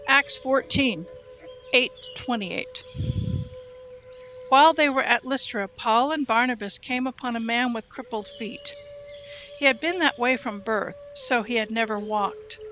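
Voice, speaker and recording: A woman reading Bible passages aloud in a steady, measured way. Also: on the high side, faint music behind. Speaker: Bible reader. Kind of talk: scripted scripture reading.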